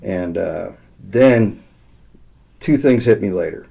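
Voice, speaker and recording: A middle-aged man talks through a story in a relaxed, rambling way, voice very low and gravelly. His tone is dark and mellow, full of small pauses and filler words as he recounts conversations. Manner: rambling, heartfelt, frequent "uh" and quoted dialogue. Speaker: podcast co-host leading a school safety program. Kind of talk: casual storytelling chat.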